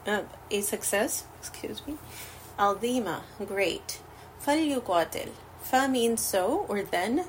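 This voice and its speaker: A woman explains Arabic words one by one at an unhurried pace. Her pitch sits in the middle, and she stays patient and methodical. A faint hum runs underneath. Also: rough recording. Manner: slow, patient, glossing each word. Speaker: Arabic teacher. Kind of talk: word-by-word Quranic Arabic lesson.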